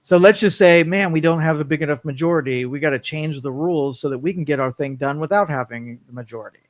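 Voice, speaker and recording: A man's voice: fairly high pitch, no room sound. A man co-hosting a local talk radio show, blunt and opinionated, repeating points for emphasis. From Ohio. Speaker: co-host. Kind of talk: casual talk radio chat.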